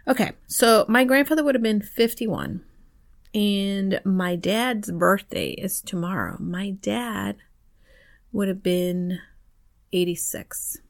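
A woman's voice: mid-range voice, slow, vocal fry. A woman in her fifties co-hosting a podcast, chatting casually in a teasing, matter-of-fact way and drawing out some words. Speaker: podcast co-host. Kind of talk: casual chat.

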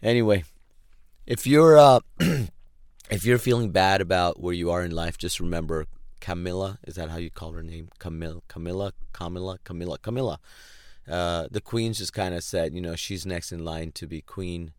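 A man's voice: low-pitched, normal speed, darkish tone, clean tone, dry recording, studio quality. A man giving a casual, sarcastic commentary rant, often laughing in disbelief. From third culture kid.

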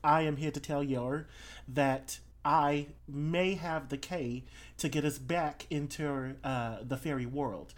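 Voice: medium pitch, fairly even intonation, takes it slowly, close to an everyday voice. Someone putting on a grandiose Australian fairy expert. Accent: put-on Australian. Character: skinny eccentric male fairy-lore expert.

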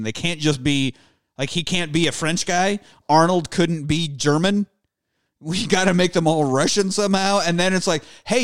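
A man's voice: fairly high pitch, clean tone, no echo, clean studio sound. A man co-hosting a casual movie podcast, joking and cursing as he rambles through a film. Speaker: podcast co-host.

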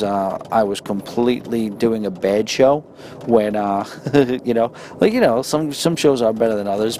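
Rambling New York man on a train. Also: a little mellow. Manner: rambling, chatty, with many fillers and restarts. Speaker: podcast host. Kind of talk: casual solo podcast, reading listener emails. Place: on a moving train. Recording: faint train noise behind. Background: faint train rumble.

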